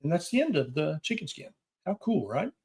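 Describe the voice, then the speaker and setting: A man's voice: a little high, big pitch swings, a little fast, a little mellow. A man, a doctor, hosting a live question-and-answer stream, reading viewer questions and answering in a direct, reassuring way. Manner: plain-spoken, direct, reassuring advice.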